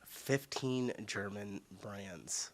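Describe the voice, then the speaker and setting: A man's voice: fairly low pitch, drawn-out words. American man musing casually. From United States. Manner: musing, thinks aloud, trails off softly. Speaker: reaction video host. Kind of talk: casual reaction commentary.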